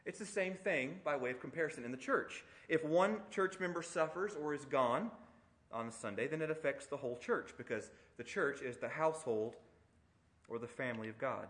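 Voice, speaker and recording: A man's voice: mid-range voice, normal speed, a bit bright. A middle-aged man preaching an expository sermon, conversational and emphatic, with rhetorical questions. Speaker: pastor.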